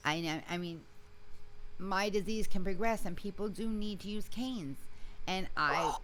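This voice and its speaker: A woman guest in a casual interview, telling her story in an animated, emphatic way with frequent restarts. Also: medium pitch, a little slow, background noise. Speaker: interview guest, singer and video creator.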